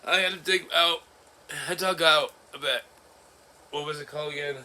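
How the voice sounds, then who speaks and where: A man in his forties talking in a personal vlog, halting and emotional, breaking into nervous laughs. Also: fairly high pitch, fairly even intonation, bright, forceful tone, a little hiss or hum. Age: 40s. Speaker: vlogger. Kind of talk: personal vlog recounting an ordeal.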